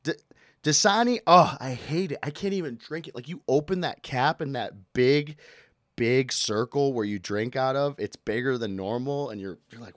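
In a dry, studio-quality recording, a podcast host with a mid-range voice goes off on everyday gripes. His solo show is casual and jokey, and he's animated, quick to shout out a bit mid-rant.

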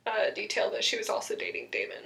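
A woman's voice: mid-range voice, big pitch swings, quick pace, vocal fry, bright, forceful tone. A young woman chatting casually, recapping a TV episode and acting out quotes with sarcasm.

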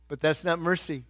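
A middle-aged male pastor preaching a sermon, swinging from quiet asides to loud, emphatic points. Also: high-pitched.

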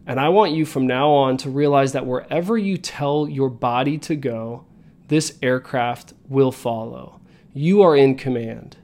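A man's voice: mid-range voice, unhurried, darkish tone. A man in his thirties, a podcast host telling a story and coaching his listeners in an earnest motivational style. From United States.

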